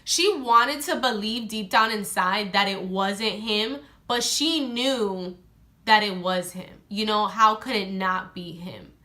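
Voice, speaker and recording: Young woman vlogger, storytime to camera, unhurried delivery, bright tone, lots of "like". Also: medium pitch. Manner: animated, heavy use of "like", acts out friends' lines. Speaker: beauty vlogger. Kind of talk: casual storytime monologue.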